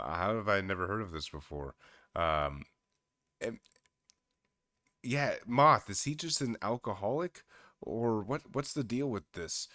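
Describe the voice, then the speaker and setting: Give me a low-voiced man doing incredulous, laughing reaction commentary. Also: bright, forceful tone, no echo, clean studio sound. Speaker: streamer commentator.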